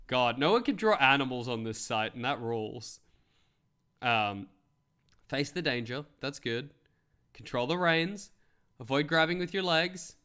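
A young man streaming, joking and swearing as he reads web articles aloud. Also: medium pitch. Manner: joking, animated, swears freely. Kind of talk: casual commentary reading web articles.

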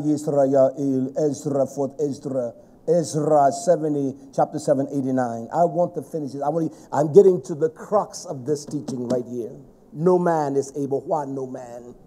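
A middle-aged man with a fairly high-pitched voice preaches a stern, scolding sermon to a congregation, at times rising to shouts.

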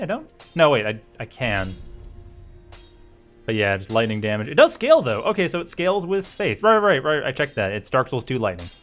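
A man's voice: mid-range voice, a bit bright. A man playing a video game, casually musing aloud and reading out item descriptions. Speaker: let's play host. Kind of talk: casual gameplay commentary.

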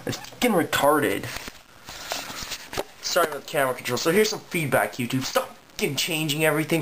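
A man's voice: mid-range voice, brisk, fairly bright tone, a little hiss or hum. A man, an auto body technician, delivering a heated, profane rant to the camera. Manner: profane, heated, repetitive ranting.

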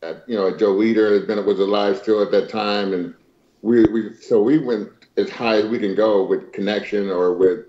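A man in his fifties telling a story in casual chat, animated and laughing as he acts out dialogue with slang. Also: fairly low pitch, normal speed, highs cut off, a little hiss or hum. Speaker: guest.

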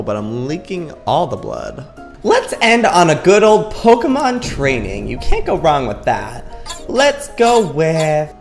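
A young man giving excitable, exclamatory commentary while playing a video game. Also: fairly high pitch. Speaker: gaming YouTuber.

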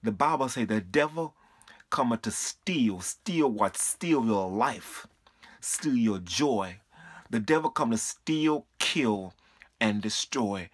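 A man's voice: medium pitch, a bit bright, no room sound, studio quality. A man preaching fervently to a camera, repeating himself and quoting scripture. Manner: fervent, repetitive, quotes scripture. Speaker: street preacher.

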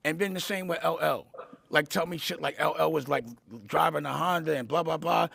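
A man's voice: on the high side, steady tone, brisk, gravelly, fairly bright tone, no echo. A man being interviewed, speaking emphatically and bluntly, repeating his points and swearing freely. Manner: emphatic, repetitive, blunt, profane. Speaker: interview guest. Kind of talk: candid interview storytelling.

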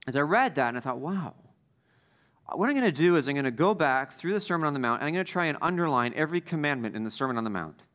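Pastor, male, higher-pitched voice, emphatic sermon delivery, repeats phrases for stress, drops into quiet asides. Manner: swings between loud stresses and quiet asides.

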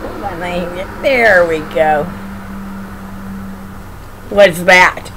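Slow, gently doting woman storyteller. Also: on the low side, noisy background. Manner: gentle, doting asides to a child. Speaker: reader of children's books. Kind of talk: reading a picture book aloud to children.

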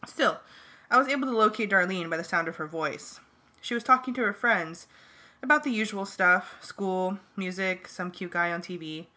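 A woman reading a fan audiobook in the first person, lively and jokey. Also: medium pitch, moderate pace. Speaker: audiobook reader.

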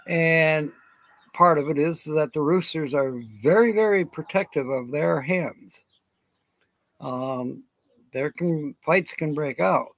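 Outdoors in the sunshine, a man hosts a casual live stream, rambling and chuckling as he answers viewers by name. His voice is on the high side, with no echo.

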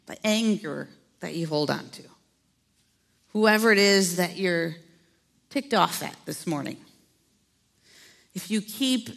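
A woman's voice: medium pitch, creaky. Midwestern woman pastor preaching in a reverberant church. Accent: Upper Midwest American. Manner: conversational, playful asides to the congregation. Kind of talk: sermon. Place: church sanctuary.

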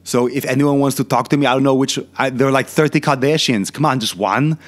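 A fitness channel host plays a boastful, crude older Austrian bodybuilder turned film star in a comedic rant, with a heavy put-on Austrian accent and repetitive filler questions. His voice is medium-pitched and quick, lightly acted.

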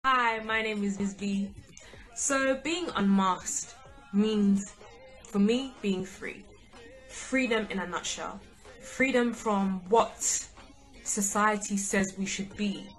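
A woman's voice: mid-range voice, slow pace, fairly bright tone, low-quality recording. A woman reflectively introducing herself for an audition. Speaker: reality show contestant. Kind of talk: audition video self-introduction.

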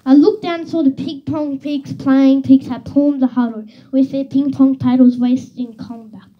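A woman reads a children's book aloud, telling the story expressively in a voice that sits high, at a normal speed. The recording is slightly dull and carries a faint hiss.

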